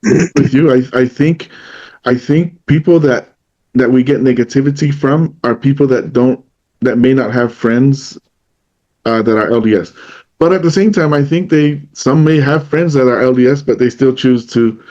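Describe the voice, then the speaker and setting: A man in a relaxed podcast chat, telling a long story and repeating what friends told him at a middle pitch. The sound is a little dull and lo-fi. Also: measured pace. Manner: storytelling, retells what others said in their voice. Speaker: podcast co-host. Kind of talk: casual conversation.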